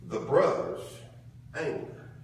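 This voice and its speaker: Preaching slowly in a folksy, colloquial style, a man draws call-and-response from the congregation in a church sanctuary. The recording sounds distant in an echoey room, with slight background noise.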